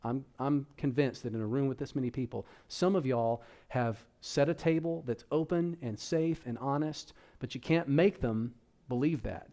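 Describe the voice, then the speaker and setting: A man's voice: medium pitch, moderate pace, warm tone. A man speaking to parents at a church workshop, talking to the audience in a conversational, direct way. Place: church hall.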